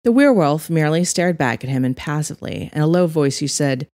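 Low-voiced woman reading a story. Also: expressive, a little fast, a little mellow, dry recording, studio quality. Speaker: audiobook narrator and author. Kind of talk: scripted story narration.

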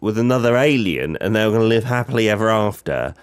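A co-host in casual chat, jokey and chatty, with frequent murmured replies. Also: male voice, fairly low pitch, sing-song, brisk, few pauses, faint music behind. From United Kingdom. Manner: chatty, jokey, lots of back-channel. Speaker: podcast co-host.

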